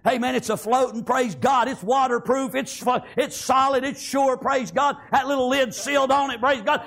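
A man's voice: extremely high pitch, fairly even intonation, normal speed, creaky, hardly any pauses, a bit bright. A man preaching a fervent sermon, peppering it with amens and praise God.

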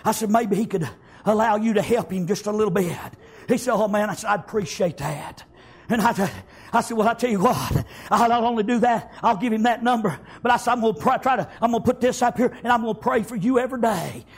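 A man preaching a fervent testimony sermon, full of amens, folksy telling and bursts of shouting. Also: high voice, fast talker, breathy edge. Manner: fervent, repeats "amen" and "praise God", swells into shouting.

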